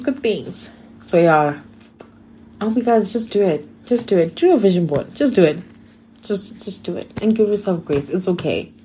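A young woman from South Africa hosting her own podcast, chatting casually and excitedly with many "like" fillers. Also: low voice, a little hiss or hum. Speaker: podcast host. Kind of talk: casual solo podcast monologue.

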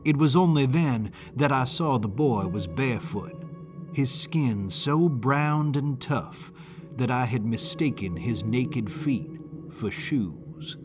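A man reading first-person audiobook narration in a measured, deliberate way. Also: mid-range voice, expressive, over music.

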